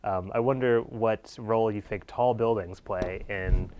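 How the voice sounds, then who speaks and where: A man's voice: fairly low pitch, steady tone, a little slow, dull audio. A man interviewing a guest at a conference, asking thoughtful, musing questions with small hesitations.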